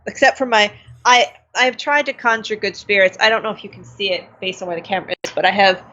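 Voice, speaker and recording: A woman's voice: mid-range voice, quick pace, pushed and bright, lo-fi sound, a little hiss or hum. A woman co-hosting a casual live-stream podcast, talking in a fretful, chatty, self-deprecating way. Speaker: podcast co-host.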